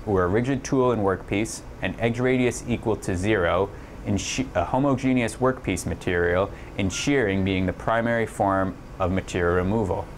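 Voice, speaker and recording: A man with a deep, low voice narrates an online engineering lesson in a steady, explanatory way. He stumbles now and then and fills pauses with small "uh"s. A faint air-conditioning hum runs underneath. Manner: explanatory, with occasional slips and fillers. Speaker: lecturer. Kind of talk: narrated online lab lecture.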